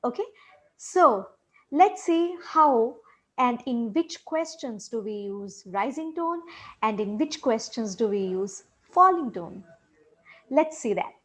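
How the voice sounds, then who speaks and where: A woman's voice: on the high side, animated, slow. A woman teaching a short English lesson on intonation, patiently repeating example questions with exaggerated rising and falling tones.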